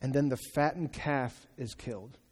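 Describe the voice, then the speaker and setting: A man preaching a sermon in an animated, exclaiming way, acting out the voices in his story, in a church hall. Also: medium pitch, normal speed, husky. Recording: long reverb of a large hall.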